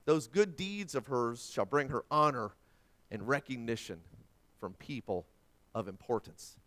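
A male pastor preaching a sermon, quoting scripture and swinging from forceful emphasis to hushed tones. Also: mid-range voice, animated, a little slow.

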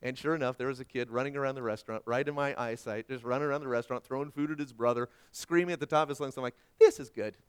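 A man's voice: rapid-fire, few pauses, clear, resonant tone. A man in his thirties or forties preaching as a pastor, telling stories and acting out dialogue in between. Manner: animated storytelling with acted-out dialogue and sudden pitch jumps. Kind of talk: sermon.

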